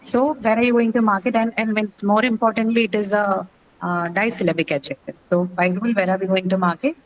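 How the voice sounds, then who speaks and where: A woman's voice: medium pitch, steady tone, fairly quick, slight background noise, low-quality recording. A woman teaching pronunciation in an online class, patient and step by step, repeating words and asking "okay?". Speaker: English teacher.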